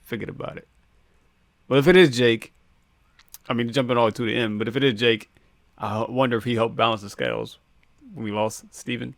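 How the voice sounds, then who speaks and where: A man co-hosting a podcast, chatting in a relaxed way with loose slang and frequent laughter. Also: medium pitch, a little fast, creaky, pauses often, dry recording. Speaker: podcast co-host. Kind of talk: casual podcast chat.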